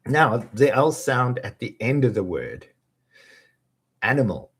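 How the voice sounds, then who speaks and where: A man teaching English pronunciation, leading slow repeat-after-me drills and chuckling between tongue twisters. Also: mid-range voice, very animated, a bit bright, husky.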